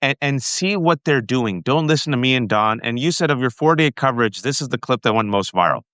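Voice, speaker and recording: A man's voice: mid-range voice, animated, a little fast, a bit bright, no room sound. A man hosting a political commentary show, speaking with passion and talking straight to his viewers. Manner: impassioned, addresses viewers directly. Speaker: host.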